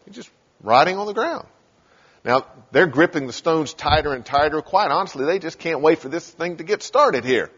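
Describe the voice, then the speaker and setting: A man's voice: fairly high pitch, sing-song, normal speed, a bit bright, breathy edge. A man preaching a sermon, telling scripture stories and acting out the lines. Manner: storytelling, acting out scripture scenes. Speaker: pastor. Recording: dull sound in a large reverberant hall.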